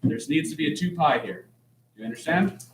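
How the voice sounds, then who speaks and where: This calculus teacher has a fairly high, expressive voice and talks a little fast, keeping his explanations of problems casual and full of jokes. The lesson is recorded in an echoey classroom on a distant mic, with slight background noise.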